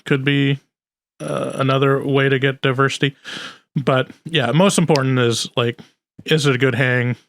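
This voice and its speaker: A man's voice: mid-range voice, flat delivery, moderate pace, vocal fry, a bit bright. A man co-hosting a podcast, chatting loosely with lots of fillers and jokes. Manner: loose, filler-heavy, joking. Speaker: podcast co-host. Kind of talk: casual podcast chat.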